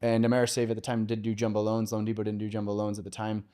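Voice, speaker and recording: Male podcast guest, low register, smooth resonant tone, candid storyteller who pauses with fillers. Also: completely flat delivery, dark tone. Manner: open and conversational, with filler pauses. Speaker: podcast guest, mortgage lender.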